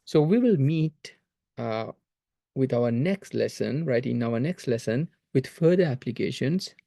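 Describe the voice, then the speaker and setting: A man's voice: mid-range voice, expressive, measured pace, vocal fry, warm tone, dry recording, clean studio sound. A man teaching a math lesson in a recorded video lecture, explaining patiently and repeating phrases to stress his points.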